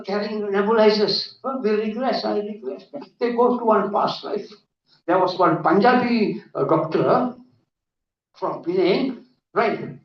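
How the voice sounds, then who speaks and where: A man giving a lively conference lecture full of anecdotes, often asking "isn't it?". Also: high voice, moderate pace. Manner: animated, often adds 'isn't it?'. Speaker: conference speaker. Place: conference hall. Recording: echoey hall, distant dull mic.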